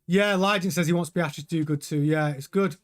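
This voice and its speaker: A man hosting a live race watchalong, chatting excitably over the timings with frequent stumbling restarts. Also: on the high side, a little fast. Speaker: host.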